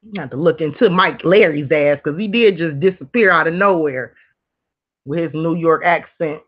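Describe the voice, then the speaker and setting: A woman with a low voice talks at a normal speed, chatting candidly as a livestream host who reads viewer comments aloud. She's animated and rambling and laughs often. Her streaming mic gives the audio a dull, lo-fi quality.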